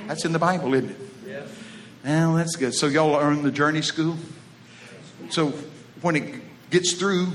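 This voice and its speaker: A man's voice: fairly high pitch, fairly bright tone, slight background noise. A middle-aged man with a Texas accent, preaching in a folksy, joking way full of homespun stories. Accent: Texan. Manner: folksy, joking, drawling Southern phrasing. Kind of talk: folksy sermon with storytelling.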